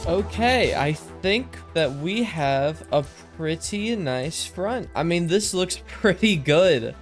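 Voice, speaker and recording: A man with a somewhat higher-than-usual voice chats through casual game commentary, rambling and quick to laugh at himself. His microphone's filters give his esses a slight lisp-like hiss, and soft music plays faintly underneath. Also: expressive. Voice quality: lisp-like sibilance from mic filters. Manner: chatty, rambling, easily amused. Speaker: gaming commentator. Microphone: desk mic with processing filters.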